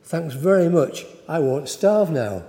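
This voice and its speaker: A poor, anxious woodcutter, put on by a male preacher in a storytold sermon, speaking in a mellow, slightly high voice. He sounds pleading at first and then sly, and his words ring out through a long, echoing church hall. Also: sing-song, slow, exaggerated voice. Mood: polite.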